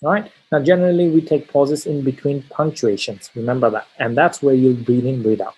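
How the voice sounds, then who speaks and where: A man's voice: mid-range voice, steady tone, brisk, a little mellow, slightly rough, rough recording. A man teaching a test-prep lesson on pronunciation, explaining step by step and often checking in with "all right?". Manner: frequent tag questions, stresses key words. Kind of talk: spoken lesson on exam pronunciation.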